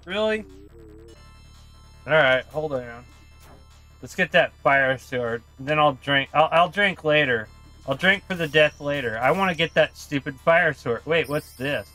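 A man livestreaming his gameplay in a bright, sharp-edged voice, pitched a little high for a man. He swings from muttered asides to chat into profane yelling at the game. Faint music plays underneath him. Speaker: game streamer. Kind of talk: live gameplay stream commentary.

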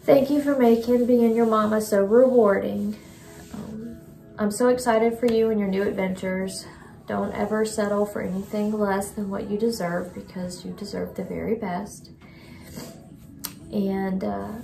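A middle-aged mother reading a heartfelt message from notes, halting and close to tears. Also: mid-range voice, steady tone, gravelly, dark tone, reverberant, low-quality recording.

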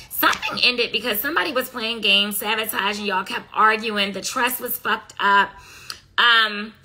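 A woman's voice: a little high, creaky, pushed and bright, a little hiss or hum. A woman doing a casual tarot reading, talking bluntly in profane slang and scolding her listeners. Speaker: tarot reader.

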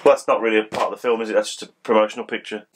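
A man's voice: fairly low pitch, fairly even intonation, racing, a little hiss or hum. A middle-aged man in casual chat as co-host, rambling and teasing, with a slight cold.

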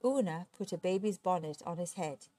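A woman reading a children's storybook aloud, expressive and steady. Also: on the low side, normal speed, no room sound. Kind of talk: children's book read aloud.

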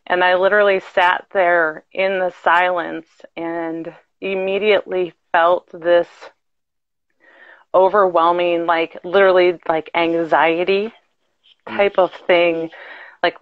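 A woman's voice: lowish voice, fairly even intonation, takes it slowly, no echo. A woman sharing a heartfelt personal testimony over a video call, earnest and tumbling through her phrases. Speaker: guest caller. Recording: dry, dull video call audio.

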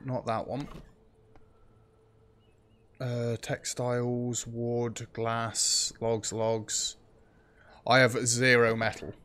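A man's voice: mid-range voice, flat delivery, extremely slow, long pauses, a bit bright. A man hosting a let's play, thinking aloud in casual gameplay commentary. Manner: chatty, thinks aloud while playing, frequent ums.

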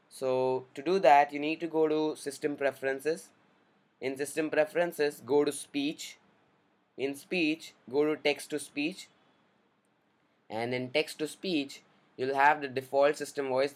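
A man in a mid-range voice guides viewers through a computer setting. He speaks in a casual, upbeat way and lays out each click in plain steps. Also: medium pitch. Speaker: tech tutorial host. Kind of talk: screen-recorded software tutorial.

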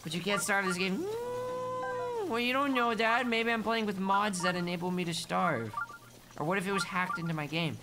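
A man streaming a video game in a playful, cutesy baby-talk manner, calling himself by a nickname, with game music behind him. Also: fairly quick. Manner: swings between mumbling asides and high excited yelps. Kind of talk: live gameplay commentary.

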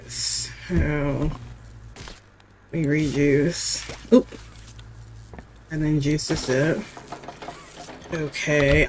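This gaming video creator is a woman doing jittery, casual let's-play commentary, slinging slang and repeatedly saying how scared she is. Her voice is deep and a little mellow, with a bit of hiss or hum in the recording.

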